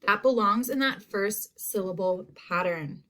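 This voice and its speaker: A woman teacher talks young pupils through a spelling list at an unhurried, careful pace. She stretches each word out and repeats it so the children can hear every sound, and her voice sits at an ordinary middle pitch. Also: a bit bright. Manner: slow, drawn-out repetition of words. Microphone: home recording.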